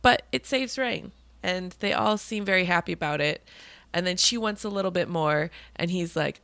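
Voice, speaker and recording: Woman, gravelly voice, dry close mic, matter-of-fact book recap. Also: lowish voice, normal speed, a bit bright, no echo. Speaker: podcast co-host. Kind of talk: casual book chat.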